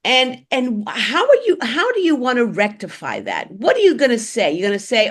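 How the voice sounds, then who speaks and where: A woman with a fairly high, lively voice talks politics on a casual chat show. She is blunt and animated and often restarts her sentences. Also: moderate pace, few pauses. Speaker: co-host.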